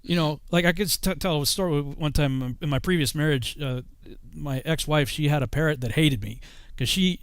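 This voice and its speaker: Casting: talkative middle-aged male host, slightly high voice, dry close mic. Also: normal speed, clean tone, no room sound. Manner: rambling, many restarts, laughs while telling stories. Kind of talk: casual interview chat.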